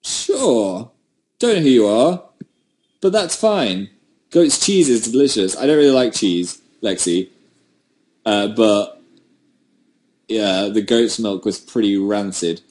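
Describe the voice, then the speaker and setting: Speaking slowly with long pauses, this livestream host has a lowish, darkish voice yet sounds animated. He chats casually from home through a webcam mic, rambling and self-deprecating as he responds to viewers' comments.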